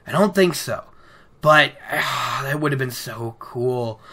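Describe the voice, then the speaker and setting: A woman's voice: a bass voice, takes it slowly, a bit bright, breathy edge. A woman casually retelling and picking apart a book chapter, chatty, with many stammered restarts. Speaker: book discussion host.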